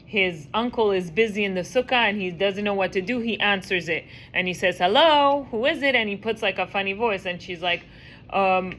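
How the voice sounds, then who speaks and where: Woman teacher, casual storytelling lesson, lively delivery, mid pitch, faint background noise. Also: fairly quick, hardly any pauses. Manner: lively storyteller who acts out voices. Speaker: teacher leading a women's class.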